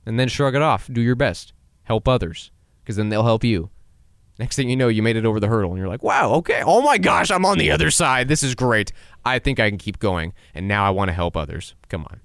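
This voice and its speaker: A man's voice: medium pitch, smooth, dry recording, studio quality. A man in his twenties hosting a solo podcast, talking casually and giving pep-talk advice, acting out quotes and laughing at himself. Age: 20s. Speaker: podcast host.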